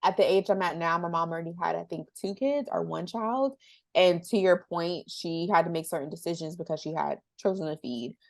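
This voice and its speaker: A woman's voice: fairly low pitch, a little fast, gravelly, a little mellow, no echo. A young woman hosting a podcast who talks in a casual, rambling way, searching for words with many fillers. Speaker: podcast host. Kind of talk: casual interview chat.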